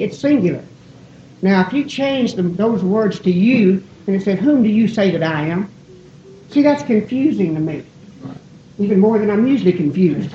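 A woman preaching a sermon in a church, folksy and digressive, often breaking off and gently poking fun at herself. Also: mid-range voice, slight background noise. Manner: digressive, folksy, self-deprecating. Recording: roomy, dull lo-fi church recording.

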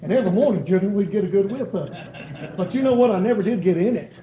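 A man's voice: high voice, expressive, quick pace. A man preaching a sermon, pleading and repeating his points with rising emphasis. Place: church. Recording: echoey, dull church recording.

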